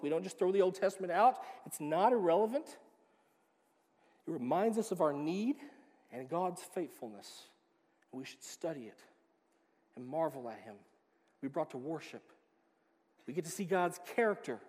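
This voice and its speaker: A man preaching a sermon as pastor, emphatic, swinging from quiet, low passages to loud, pressing ones. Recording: long reverb of a hall.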